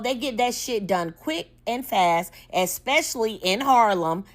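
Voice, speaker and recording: Lively, incredulous woman ranting. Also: on the high side, unhurried. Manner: incredulous, counting points off. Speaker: commentator. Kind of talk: opinion rant.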